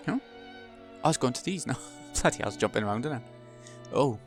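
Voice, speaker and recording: A man of middle pitch reads a visual novel's story aloud with feeling, then drops into relaxed asides of his own. Music plays clearly behind his voice. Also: fairly quick, long pauses. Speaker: let's play host reading a visual novel aloud. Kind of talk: reading game text aloud with commentary. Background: background music.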